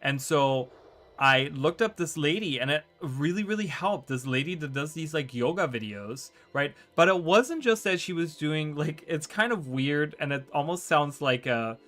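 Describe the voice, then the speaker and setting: A man's voice: on the high side, lively intonation, moderate pace, fairly bright tone. Rambling man chatting on stream. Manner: rambling, filler-heavy, often asks "right?". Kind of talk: casual chat to stream viewers. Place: home streaming room.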